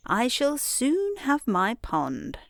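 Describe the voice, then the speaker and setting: Fussy storybook frog as a woman reads him, coaxing, lively pitch, slow. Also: no room sound, clean studio sound, full character voice.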